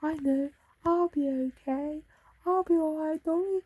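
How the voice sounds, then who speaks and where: A woman voicing her pet animal answering back in a high, sing-song, reassuring way. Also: measured pace, dark tone, no room sound, low-quality recording.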